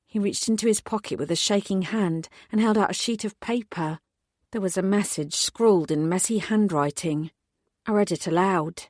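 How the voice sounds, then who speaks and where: A woman narrating a first-person paranormal audiobook in a measured, steady storytelling voice. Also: fairly low pitch, no room sound, studio quality.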